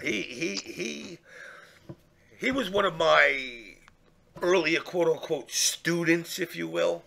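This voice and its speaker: A man telling a profane, animated story in casual chat, acting out the people he quotes. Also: fairly high pitch, slow, vocal fry.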